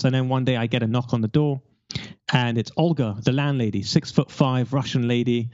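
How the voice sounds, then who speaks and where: A man's voice: medium pitch, fairly even intonation, moderate pace, darkish tone, dry recording, dull audio. A man in his forties from London, telling his life story candidly over a remote call, rambling with restarts. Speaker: guest.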